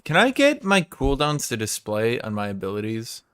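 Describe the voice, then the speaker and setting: A man's voice: mid-range voice, huge pitch swings, moderate pace, fairly bright tone, smooth. A young man streaming a video game, chatting casually and thinking aloud while he asks his chat questions.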